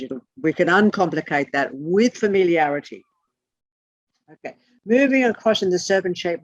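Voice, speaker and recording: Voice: medium pitch, no echo, lo-fi sound. A teacher leading an online class over a video call, bluntly spelling out terms letter by letter, with the odd swear word.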